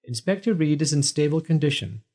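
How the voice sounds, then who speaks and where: A man voicing a brisk, businesslike hospital switchboard operator. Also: a little high, lively intonation, a little mellow, voice pushed up, lightly acted.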